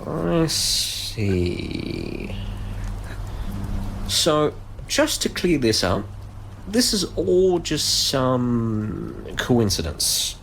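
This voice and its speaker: Slow, patient game investigator. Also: male voice, medium pitch, huge pitch swings, vocal fry, a bit bright, slight background noise, full character voice, low-quality recording. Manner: measured and polite. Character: calm, patient male investigator. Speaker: interrogator. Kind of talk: voiced game dialogue.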